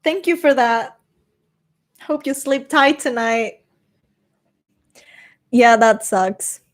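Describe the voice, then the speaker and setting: A young woman, fairly high-voiced, talks casually to her chat on a stream. She rambles from one topic to the next and reads out comments as they come in. She swears offhandedly and switches freely between English and Spanish. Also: takes it slowly.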